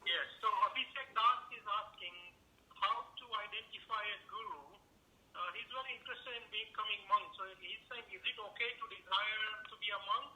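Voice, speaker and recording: A man's voice: high-pitched, fairly quick, sharp tone, rough recording. A man moderating a live online Q&A, relaying questions hesitantly with many fillers.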